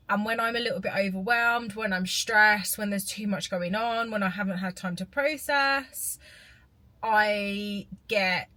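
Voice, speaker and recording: A woman's voice: mid-range voice, a bit bright, no echo, low-quality recording. A woman, talking candidly and emotionally to camera in a casual vlog. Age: 30s. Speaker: vlogger. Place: in a parked car and at the gym.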